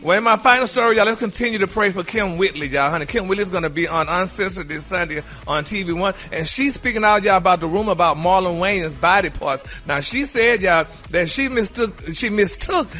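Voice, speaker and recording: A man co-hosting a morning radio show, telling celebrity gossip in a flamboyant, animated way and calling listeners honey and y'all. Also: high voice, brisk, hardly any pauses.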